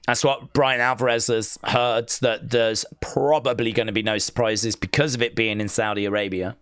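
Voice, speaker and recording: A man giving excitable, jokey play-by-play on a live wrestling watch-along and reading viewer comments aloud. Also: medium pitch, moderate pace, clear, resonant tone, no echo, studio quality.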